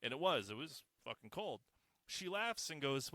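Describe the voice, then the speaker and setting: A man talks through a casual podcast rant, swearing freely and joking with a sarcastic edge. His pitch swings widely and his tone is bright and forward. The sound is dry and close. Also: normal speed, no room sound. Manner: profane, animated, sarcastic. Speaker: podcast host.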